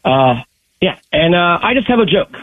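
A man calling in to a radio show, telling a long, drawn-out joke in a casual way. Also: sits high, sing-song, no echo. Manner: drawn-out storyteller. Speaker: caller. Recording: tinny phone line.

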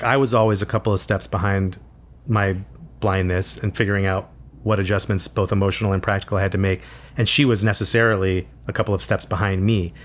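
A man with a fairly low voice talks through his experiences in an interview. He is reflective and unhurried, stopping and restarting his sentences as he searches for the right words. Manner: thoughtful, halting, with frequent restarts. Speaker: author guest.

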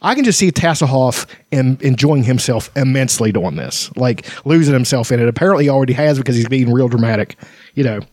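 A man's voice: medium pitch, animated, quick pace, darkish tone, dry recording. Chatty man discussing a fantasy novel. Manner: chatty, laughs often, many fillers and restarts. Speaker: podcast host. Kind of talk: casual book discussion with read-aloud passages.

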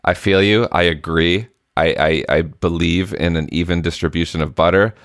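A man's voice: deep voice, steady tone, normal speed, a bit bright, clean tone, dry recording, studio quality. A man in his thirties co-hosting a parenting podcast, telling a story with many restarts and self-deprecating remarks. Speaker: podcast co-host. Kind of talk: casual parenting chat.

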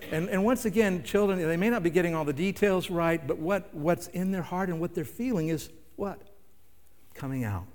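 A man's voice: on the high side, a little mellow. An older man preaching a sermon in a conversational way, asking the listeners rhetorical questions. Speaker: pastor. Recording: long hall reverb.

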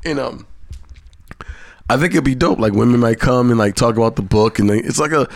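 Gravelly joking podcast guy. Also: mid-range voice, brisk. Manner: joking, rambling, swears freely. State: a little tipsy. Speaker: podcast co-host. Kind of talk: casual chat.

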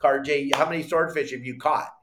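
A middle-aged man hosting a live fishing podcast, telling a story with lively acted-out quotes and bursts of shouting. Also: on the high side, a little fast, noisy background. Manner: animated storyteller, acts out quotes, shouts when excited. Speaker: podcast host.

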